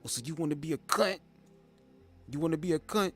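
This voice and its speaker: Guy doing an angry italian-accent dad, yelling fast, high and loud, faint music behind. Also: natural voice. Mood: enraged. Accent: Italian, put on. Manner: snarling, shouting, fast. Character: violent old-fashioned Sicilian father, furious.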